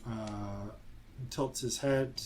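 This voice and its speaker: A man narrating a tabletop game as its dungeon master, unhurried and halting, with many fillers. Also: lowish voice, fairly even intonation, low-quality recording.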